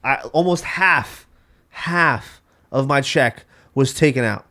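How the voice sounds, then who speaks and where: A man's voice: mid-range voice, takes it slowly, bright, forceful tone. A man ranting in casual podcast talk, stumbling over his words and restarting often. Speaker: podcast guest. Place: home studio.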